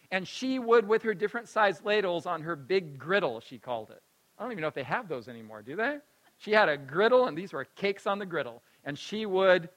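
A man telling a childhood story with a high, bright, forceful voice. He is animated and laughs often. His delivery swings from loud bursts to hushed moments. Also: low-quality recording. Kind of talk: personal storytelling.

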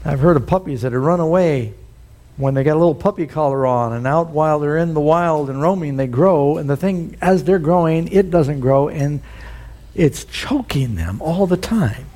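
Warm-voiced folksy preacher. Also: male voice, on the high side, normal speed. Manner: folksy storytelling with rising emphasis. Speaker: pastor. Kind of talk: sermon.

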